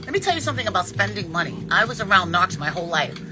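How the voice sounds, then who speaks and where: Talking fast and in a sing-song way over music, a fiftyish woman with a mid-range voice offers frank, foul-mouthed life lessons off the cuff. She preaches bluntly, and her stress rises and falls dramatically.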